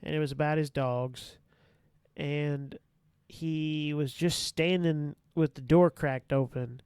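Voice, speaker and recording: A man with a fairly high, smooth and resonant voice, recorded close and dry. He tells stories in a loose, profane way and keeps breaking into laughter as he acts out the exchanges. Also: takes it slowly, dry recording. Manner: profane, laughing, animated retelling. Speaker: podcast guest. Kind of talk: casual storytelling.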